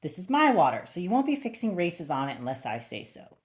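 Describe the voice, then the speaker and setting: Brash male spy posing as a mobster, read by a woman, low voice, storybook. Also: sing-song, brisk. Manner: brash, swaggering.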